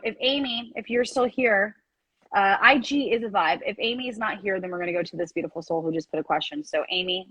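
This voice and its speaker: A woman hosting a live-stream card reading, speaking in a gentle, rambling way with many fillers. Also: mid-range voice, breathy edge, dry recording, rough recording. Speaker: card reader and reiki host.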